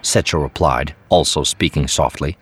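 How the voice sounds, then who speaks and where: A man narrating an audiobook in a measured, even storytelling manner. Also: a bass voice, slightly rough.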